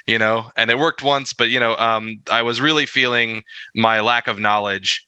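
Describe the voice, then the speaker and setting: A man's voice: fairly low pitch, steady tone, moderate pace, pushed and bright, clear, resonant tone, no echo. A man co-hosting a casual podcast about tabletop gaming, rambling with lots of fillers and self-deprecating chuckles. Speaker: podcast co-host.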